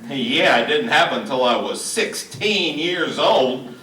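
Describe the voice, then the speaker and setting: A man's voice: medium pitch, lively intonation, a little slow, bright, forceful tone, a little hiss or hum. A middle-aged man from Arkansas performing a folksy, self-deprecating stand-up comedy set, teasing the crowd at a senior community show. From Hot Springs, Arkansas. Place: small auditorium at a senior living community. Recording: echoey room, mic heard from a distance.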